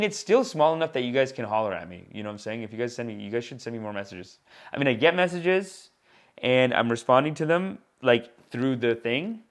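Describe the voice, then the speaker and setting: A man with a medium-pitched voice, a comedian hosting his own podcast, rambles through a casual, animated monologue aimed straight at his listeners.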